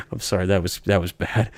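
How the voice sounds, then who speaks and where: A man who streams and reads horror stories chats casually on a live stream, rambling, correcting himself and chuckling often. His voice is on the low side with vocal fry and a slightly mellow tone, recorded dry.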